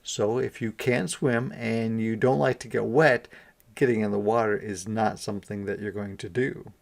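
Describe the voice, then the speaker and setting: A man, a kindergarten teacher, reading a picture book aloud to young children and pausing to explain words. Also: fairly low pitch, fairly even intonation, creaky.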